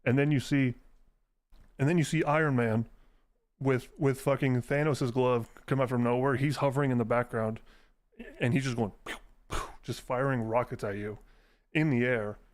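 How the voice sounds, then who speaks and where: Swearing, animated male game streamer. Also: medium pitch, normal speed. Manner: animated, exasperated ranting with frequent swearing; mutters menu choices under his breath while playing. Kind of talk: casual live-stream gameplay commentary.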